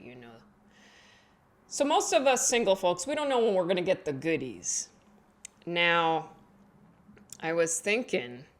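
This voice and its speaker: A woman in her thirties, a comedian telling a casual comic monologue, animated and swinging between mumbled asides and shouted bits. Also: on the low side. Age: 30s. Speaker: comedian, podcast host.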